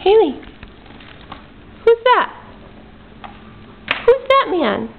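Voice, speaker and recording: At home, a mother films her toddler and coaxes her in sing-song baby talk, her voice very high, gravelly, swooping widely in pitch and stretching out her words. It was captured on the camera's built-in mic, so the audio is tinny and lo-fi, like an old home camcorder, with a faint hiss.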